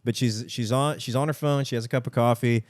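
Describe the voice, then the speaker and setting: Rambling New comedian telling a story. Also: male voice, mid-range voice, fairly even intonation, quick pace, no echo, studio quality. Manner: rambling, acts out people he overheard. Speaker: podcast co-host.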